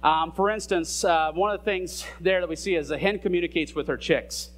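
A man's voice: high-pitched, a little fast. A man preaching a sermon in a conversational way, with fillers and casual asides between scripture readings. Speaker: pastor.

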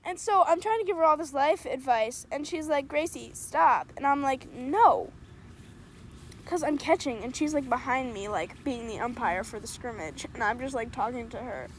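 A young teenage girl with a high voice tells stories to a friend in an excited, dramatic way. She acts out what others said. A faint hiss of background noise sits under her voice. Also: brisk, hardly any pauses. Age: young teen. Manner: excitable storyteller, dramatic quoting. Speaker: podcast co-host. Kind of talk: casual chat.

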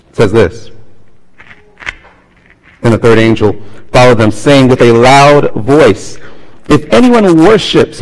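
A male pastor preaching a sermon, swinging between loud appeals and hushed, quiet tones. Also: mid-range voice. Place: church sanctuary. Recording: long reverb of a large hall.

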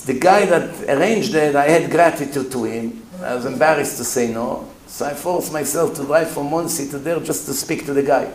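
A man's voice: on the high side, normal speed. A man, a rabbi, telling a story as a sermon, emphatic, with non-native English phrasing. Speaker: rabbi and lecturer. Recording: roomy hall with faint room noise.

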